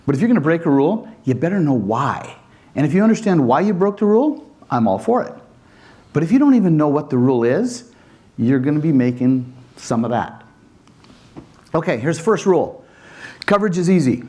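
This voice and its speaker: A man giving a conference presentation as a Wi-Fi design instructor, animated and acting out exchanges with customers. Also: on the high side, brisk. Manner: animated, acts out dialogues with customers.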